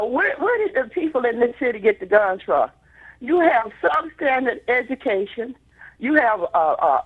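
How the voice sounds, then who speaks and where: High, husky-voiced male caller, lecturing with lots of uhs, phone line. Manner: lecturing, many filler uhs. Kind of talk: call-in radio talk.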